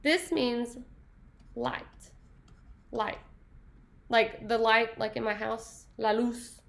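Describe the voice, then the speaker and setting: Upbeat high-voiced woman teaching Spanish. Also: extremely slow, vocal fry. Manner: upbeat, playful, sings snatches and praises answers. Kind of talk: classroom lesson.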